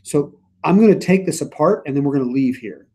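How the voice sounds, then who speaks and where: A man's voice: fairly high pitch, lively intonation, fairly quick, darkish tone, slightly rough. A man leading a church Bible study, reading scripture aloud and then paraphrasing it earnestly in his own words. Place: church meeting room.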